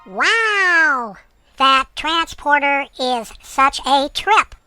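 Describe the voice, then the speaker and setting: A squeaky chipmunk critter voice. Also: male voice, animated, very slow, bright, forceful tone, dry recording, faint music behind, full character voice. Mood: chirpy.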